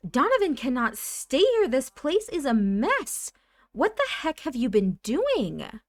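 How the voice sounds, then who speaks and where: A woman's voice: medium pitch, big pitch swings, normal speed, no echo. Woman voicing a furious scolding mother. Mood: exasperated. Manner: exasperated scolding. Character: angry mother scolding her ex-husband.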